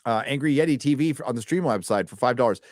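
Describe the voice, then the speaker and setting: Reading out donations, this male streamer is casual and profane, loose and chatty, and he trips over his words often. He talks at a quick pace in a mid-range voice with lively intonation, in a dry, close recording with no room sound.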